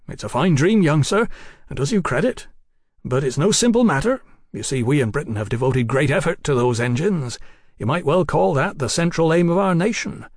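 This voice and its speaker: A man voicing a worldly, condescending Victorian English gentleman with a dry, clipped, patronizing manner. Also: fairly high pitch, slightly rough, dry recording.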